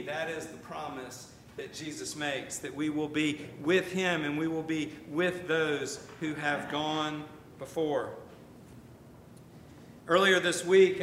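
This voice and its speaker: Older guy pastor giving a sermon, bright ringing voice, echoey church, faint rumble. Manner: conversational preaching with asides and emphatic repetition. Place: church sanctuary.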